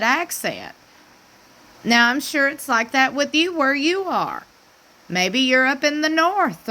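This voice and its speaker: A woman talks straight to her viewers in a gushing, folksy vlog voice. Her tone is vivid and bright, set a little high, and she keeps circling back to repeat herself. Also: rough recording. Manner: gushing, repetitive, folksy asides. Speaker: celebrity gossip vlogger. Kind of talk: chatty commentary to camera.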